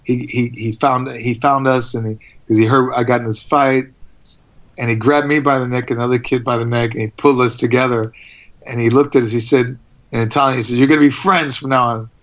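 Animated New man, muffled sound. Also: medium pitch, brisk. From United States. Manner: animated storyteller, laughs often. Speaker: interview guest. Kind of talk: casual interview chat.

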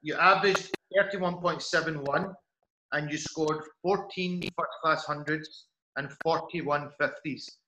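A chatty, friendly man hosts a casual interview, his voice fairly high and bright. The room adds a noticeable echo around him. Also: steady tone, a little slow, a little hiss or hum. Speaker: host.

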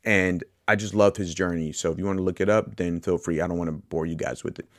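A man's voice: deep voice, steady tone, fast, dry recording, clean studio sound. A man hosting a movie podcast, talking casually and enthusiastically, often rambling and correcting himself. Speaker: podcast host.

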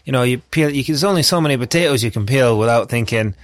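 A Scottish man, a chef, telling stories in casual chat, excitable and swearing freely. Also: medium pitch, fast talker, a crowd in the background. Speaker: chef guest.

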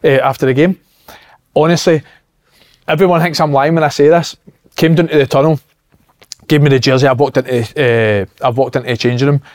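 A Glaswegian man hosts a football podcast in casual chat. He talks quickly at a middling pitch, telling animated stories and swearing freely. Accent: Glaswegian Scottish. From Glasgow, Scotland. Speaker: podcast host.

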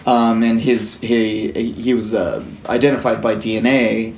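A man's voice: on the low side, steady tone, measured pace, a little mellow, reverberant, muffled recording, a little hiss or hum. A man hosting a casual true-crime podcast, rambling and joking, often breaking off and restarting his sentences. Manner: rambling, self-interrupting, joking. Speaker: podcast host.

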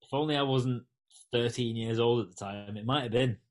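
A man's voice: mid-range voice, brisk. A British man co-hosting a podcast, making brief wry remarks in casual chat. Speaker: podcast co-host.

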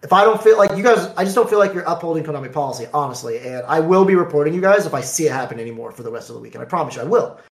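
Man, casual storytelling, animated, slightly high pitch, echoey room. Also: very fast, hardly any pauses. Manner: animated, acts out dialogue in quotes. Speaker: card game player.

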